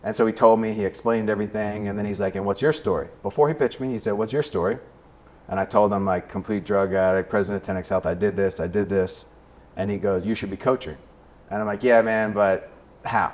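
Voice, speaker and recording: A young man, a coach appearing as a podcast guest, tells his story in casual chat, fast and profane, swearing freely and acting out what other people said. His voice is fairly low, steady, and darkish in tone.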